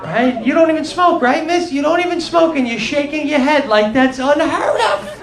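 A man's voice: extremely high pitch, lively intonation, moderate pace, noisy background. A man with a New York accent doing a stand-up set, brash and conversational, talking directly to the crowd in a comedy club. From New York, USA. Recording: echoey club, loud crowd.

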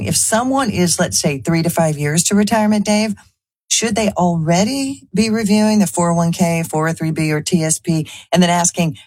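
A woman co-hosting a financial talk show who asks the advisor warm, leading questions. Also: fairly low pitch, breathy edge, no echo. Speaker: co-host asking the advisor questions.

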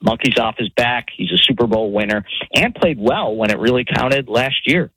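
A man's voice: mid-range voice, moderate pace, pushed and bright, husky, no room sound, poor audio. A man calling in to a sports radio show from upstate New York with an earnest, prepared take. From Syracuse area, US. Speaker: caller. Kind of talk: caller sharing a sports opinion.

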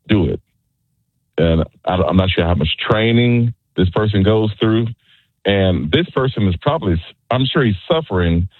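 A man phones into a radio show and argues his point insistently. His voice is low and husky. It comes through a narrow, phone-like line. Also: no echo. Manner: argumentative, insistent. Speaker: radio caller. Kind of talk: call-in radio talk.

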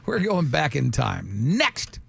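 A man hosting a talk radio show, telling stories and cracking jokes in animated studio banter. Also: high voice, a little fast, creaky. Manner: animated, jokey storyteller. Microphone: studio mic.

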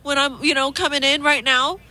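A woman's voice: high voice, fairly even intonation, a little fast, pushed and bright. A woman co-hosting a radio show, chatting casually in a dramatic, self-pitying way. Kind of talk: casual studio chat.

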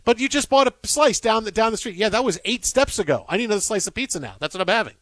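A man co-hosting a casual sports talk show, ranting in an animated way and repeating himself. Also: high-pitched, very fast, no room sound, clean studio sound. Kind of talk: casual sports radio banter.

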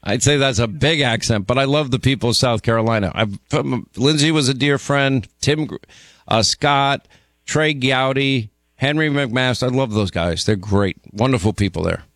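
Man, radio talk host, call-in show, quick restarts, dry close studio sound. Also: medium pitch, a bit bright, no room sound. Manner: quick, repeats and restarts words. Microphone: studio mic.

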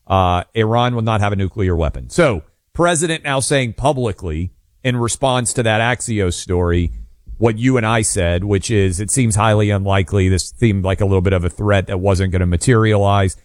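A man's voice: lowish voice, normal speed, no room sound. Conversational male talk radio host. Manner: conversational, reads a post aloud. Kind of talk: casual political talk radio chat. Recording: dry studio sound.

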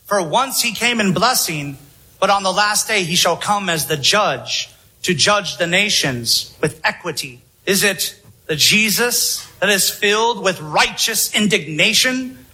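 A male preacher with a high, very bright voice and a husky edge to it. He delivers his sermon slowly and deliberately, leaning on rhetorical questions to draw the listeners in. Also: expressive, low-quality recording.

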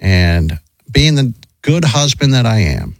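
A middle-aged man rambles through a story with many restarts, acting out the other people in it. His pitch swings up and down a lot. The sound is dry and close, with no room around him. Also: takes it slowly, no echo. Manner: rambling, animated, lots of restarts and acted quotes. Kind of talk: casual storytelling chat.

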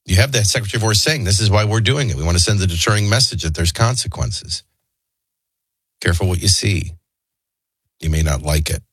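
A man's voice: low-pitched, brisk, long pauses, a bit bright, slightly rough, no room sound. A man hosting a talk radio show, stuffy and congested, rambling in a wry, conversational way. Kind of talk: casual talk radio chat.

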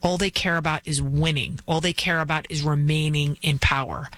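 A woman's voice: low voice, fairly even intonation, moderate pace, a bit bright. A woman filling in as host of a talk show, delivering a fervent opinion monologue full of repeated rhetorical questions. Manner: acts out quoted voices while retelling.

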